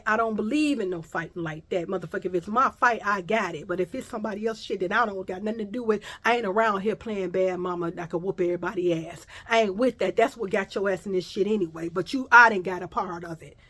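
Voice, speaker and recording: A woman telling a personal story in a casual vlog, animated and profane, talking straight to her viewers. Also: mid-range voice, fast talker, hardly any pauses.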